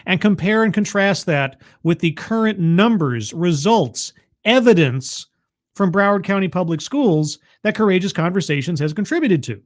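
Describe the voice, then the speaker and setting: A man with a notably high speaking voice hosts a livestream, talking back at a video he is watching. His commentary is sarcastic and incredulous. He often stumbles and restarts his words. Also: expressive, moderate pace. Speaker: livestream host reacting to a video. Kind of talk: casual commentary.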